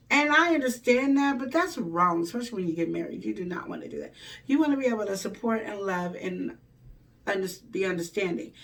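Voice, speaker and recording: A woman with a medium-pitched voice, recorded from a distance, hosts a relationship advice show as a casual monologue. Her manner is folksy and preachy, and she acts out the lines she quotes.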